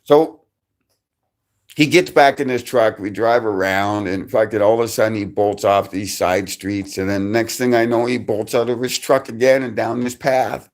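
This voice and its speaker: A man's voice: on the low side, steady tone, moderate pace. A man telling a rambling personal story on a live stream, swearing constantly and restarting his sentences.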